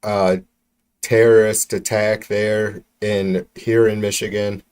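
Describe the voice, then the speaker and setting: A man's voice: fairly low pitch, little pitch movement, slow pace, a little mellow, clear, resonant tone. A man hosting a livestream, ranting about politics in a profane, exasperated way with lots of restarts. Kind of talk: casual ranting livestream commentary. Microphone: computer mic while streaming.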